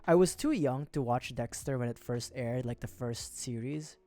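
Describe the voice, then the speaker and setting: A man's voice: mid-range voice, normal speed, warm tone. A man from the Philippines hosts a casual livestream at his home setup. He rambles with self-interrupting asides and little jokes as he builds a model kit, and faint music plays in the background. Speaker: livestream host.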